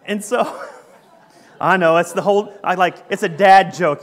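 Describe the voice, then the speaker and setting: A young youth minister preaches in a loose, conversational way, sprinkling his talk with fillers. His voice sits high for a man. He tells a story like he is chatting with friends. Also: measured pace. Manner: conversational, joking, with frequent fillers. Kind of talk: sermon with a humorous story.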